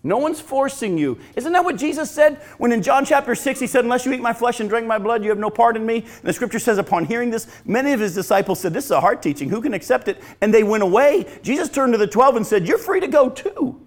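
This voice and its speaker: A male pastor preaching a sermon, swinging from loud emphatic lines to hushed, slow, drawn-out phrases. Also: extremely high pitch, animated.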